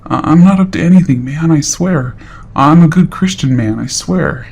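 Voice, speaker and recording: A man's voice: medium pitch, normal speed, gravelly, a little mellow. A man voicing a nervous, shifty young man who stammers and pleads as he lies. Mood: pleading.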